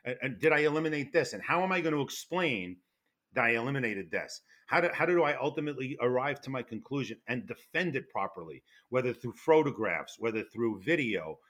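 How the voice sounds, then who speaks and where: A man with a New York accent, a retired fire investigator telling stories in a loud, animated way with many restarts. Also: mid-range voice, brisk. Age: older. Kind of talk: casual interview.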